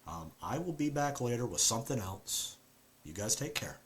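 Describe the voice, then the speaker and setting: A man, the channel's storyteller, signing off in a relaxed, filler-heavy casual outro to viewers. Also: mid-range voice, moderate pace.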